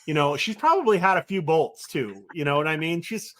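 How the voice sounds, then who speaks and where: A middle-aged man, a winemaker, chatting casually and telling a lively story, acting out the voices of the people in it. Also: on the high side, fairly quick. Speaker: winemaker guest. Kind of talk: casual chat.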